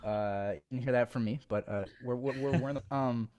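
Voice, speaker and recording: A young man tells a story in a relaxed conversation. He is animated and laughs as he goes, slipping into quoted voices of himself and others. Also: medium pitch, brisk, crowd noise. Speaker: guest. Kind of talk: casual storytelling.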